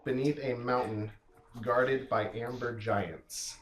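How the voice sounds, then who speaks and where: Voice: medium pitch, fairly even intonation, slow. Casual game master in an echoey room. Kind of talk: narrating a tabletop game.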